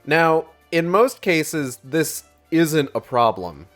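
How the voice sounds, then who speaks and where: A man's voice: fairly high pitch, big pitch swings, slow pace, a bit bright, soft background music. Rambling casual male game streamer. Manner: rambling, many fillers, swears. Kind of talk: casual let's-play commentary.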